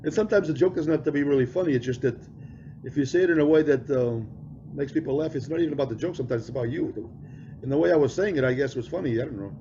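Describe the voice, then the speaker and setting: Mellow, laid-back man telling stories. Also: medium pitch, rapid-fire. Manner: laid-back, chuckling storyteller. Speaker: podcast co-host. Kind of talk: casual chat. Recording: muffled lo-fi with faint hiss.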